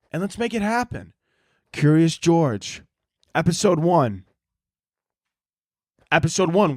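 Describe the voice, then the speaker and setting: Male podcast host, high-pitched voice, dry close sound, rambling profane comic rants. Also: dry recording. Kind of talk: comedic rant monologue.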